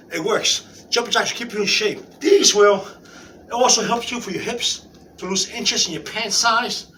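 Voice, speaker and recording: A man demonstrating an exercise while out of breath, giving halting, repetitive instructions and often checking in with "okay?" in an indoor room. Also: high voice, bright, forceful tone, distant mic, slight background noise. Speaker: exercise video maker.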